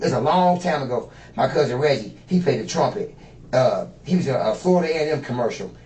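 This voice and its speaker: A man's voice: mid-range voice, expressive, fast, darkish tone. A man in his fifties, a suspect being questioned, talking in a rambling, boastful and profane way. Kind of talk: rambling interrogation talk. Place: interrogation room. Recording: echoey room, distant mic, faint noise.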